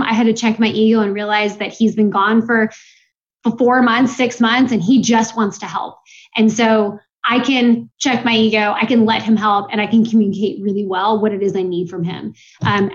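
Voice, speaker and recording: A woman sits as a podcast guest and shares her experiences in an earnest, reflective tone, her speech full of casual fillers. Her voice sits on the higher side. The recording sounds a little dull and muffled. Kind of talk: casual interview chat.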